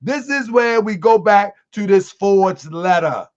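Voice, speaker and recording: A man hosting an online livestream, commenting to his viewers in a preachy, animated way. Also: sits high, slow pace. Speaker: host of an online show. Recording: dull lo-fi sound.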